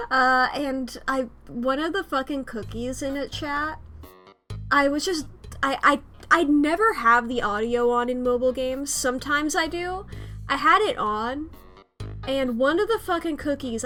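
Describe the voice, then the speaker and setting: High-voiced rambling woman streamer. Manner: rambling, animated, swears freely, laughs often. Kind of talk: casual chat to stream viewers.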